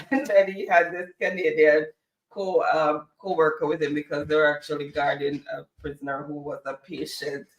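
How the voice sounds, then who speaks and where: A man from Jamaica with a Jamaican accent, co-hosting a casual chat and telling stories with lively retellings. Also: fairly high pitch, moderate pace, lo-fi sound. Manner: chatty storyteller, mimics others. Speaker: co-host. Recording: roomy, distant from mic.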